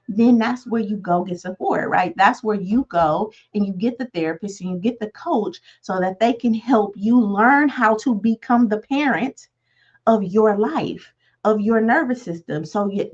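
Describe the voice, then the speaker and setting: Low-voiced woman coaching in a lo-fi recording. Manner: conversational, repeats "right?" and restarts often. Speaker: life coach, podcast host. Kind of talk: motivational talk. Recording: dull lo-fi sound.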